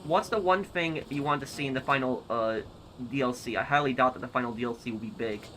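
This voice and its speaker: A man's voice: mid-range voice, fast, fairly bright tone, slight background noise. A young American man streaming a game live, reading chat and thinking aloud with hesitant, repeated starts. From United States.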